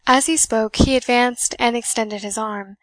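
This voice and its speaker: A woman reads a classic novel aloud with a fairly high voice. The sound is dry and close, with no room around it. She reads at an even, measured narrator's pace. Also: no echo. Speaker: audiobook reader. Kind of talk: scripted narration.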